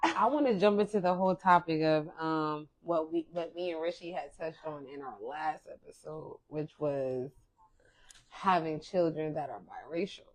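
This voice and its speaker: A woman co-hosting a casual chat, telling stories loudly and laughing often. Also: low voice, moderate pace. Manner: loud, laughing, animated storyteller. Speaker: podcast co-host.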